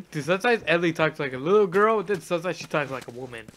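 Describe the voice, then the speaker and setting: A man commentating his own gameplay, excitable, yelling at the game and laughing often. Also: a little high, fairly quick. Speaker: gaming channel host. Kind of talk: let's play commentary. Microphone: face cam desk mic.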